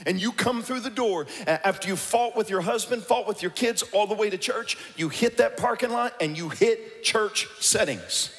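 A man with a high voice preaching to his congregation, swinging from conversational asides into shouted, sing-song runs. His voice rings out with the long reverb of a church hall. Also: normal speed, hardly any pauses. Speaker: pastor. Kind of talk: sermon. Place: church sanctuary.

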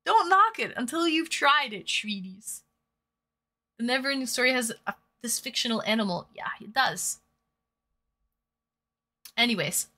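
Bright-voiced woman streamer chatting. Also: a little high. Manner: chatty, reads and answers viewer chat aloud. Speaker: live-stream host. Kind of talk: casual live-stream chat.

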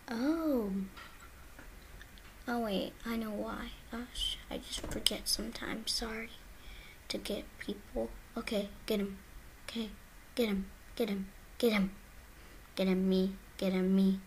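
A playful woman narrating her own gameplay, drawn-out and unhurried in her delivery. She keeps chatting to herself and slips into hushed whispers, with a faint hiss of noise behind her. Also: medium pitch, creaky. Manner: playful, often drops to a whisper, talks to herself. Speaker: gaming video creator. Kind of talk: casual gameplay commentary.

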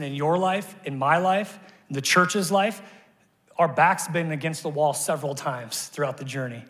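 A man preaching a sermon as pastor, telling stories animatedly, climbing to shouts and then dropping soft and quiet in prayer. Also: a little high. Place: church auditorium. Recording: long reverb of a large church hall.

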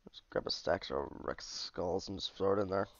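A man's voice: sits low, moderate pace, lo-fi sound. A man casually commenting as he shows off a game mod, easygoing and chatty, sounding tired. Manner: chatty, easygoing, with asides and trailing off. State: tired, yawning. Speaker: mod reviewer.

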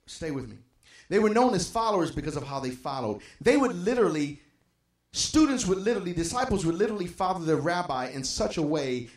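A male pastor preaching a sermon, swinging from impassioned emphasis to near-whispers and repeating phrases for effect. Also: a little high. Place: church sanctuary. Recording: echoey church sanctuary.

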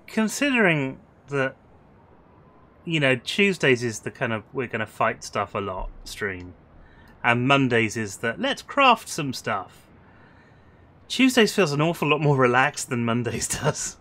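A man's voice: mid-range voice, big pitch swings, unhurried, pushed and bright. A British man chatting casually during a game stream, laid-back with dry jokes. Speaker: gamer streaming with friends.

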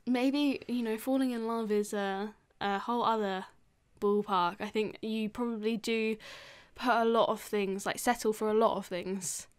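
A woman's voice: a little high, steady tone, normal speed, smooth. A woman co-hosting a podcast in casual chat, rambling and giggling often. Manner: chatty, giggly, rambling with fillers. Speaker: podcast co-host.

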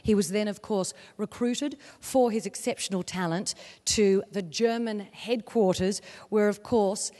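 A woman hosting an event, giving a measured, polished introduction of the next speaker. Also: medium pitch, darkish tone, in a large hall. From Australia. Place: large conference hall.

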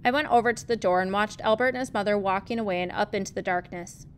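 A woman, a teacher, reading a novel aloud in a measured, gentle storytelling manner. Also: medium pitch, a little hiss or hum.

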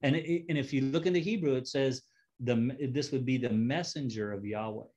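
A man's voice: mid-range voice, moderate pace, a little mellow, muffled recording. A man teaching a Bible study, reading scripture aloud and stopping to joke and explain it in a casual way.

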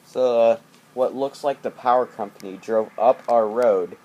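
A man's voice: mid-range voice, steady tone, a little slow, a little mellow, a little hiss or hum. Rambling jokey man on a tablet mic. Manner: rambling, jokey, repeats himself. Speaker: vlogger. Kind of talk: casual late-night vlog. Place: dark house during power outage, indoors. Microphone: tablet built-in mic.

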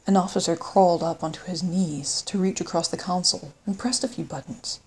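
A woman reading an audiobook in steady scripted narration. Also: on the low side, fairly quick, hardly any pauses, husky. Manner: steady storytelling read.

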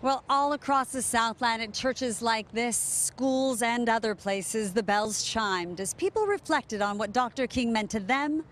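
A woman giving a news field report in clear, even narration. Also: a little high, measured pace, hardly any pauses, a little hiss or hum.

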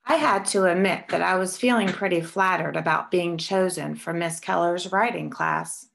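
A woman reading a children's picture book aloud with expressive storytelling. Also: lowish voice, moderate pace, gravelly. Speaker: storybook reader.

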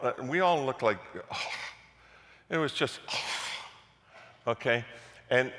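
Lively pastor preaching in an echoey church. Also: male voice, mid-range voice. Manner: animated storytelling, repeats words, rises to loud passionate peaks. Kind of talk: sermon storytelling. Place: church sanctuary.

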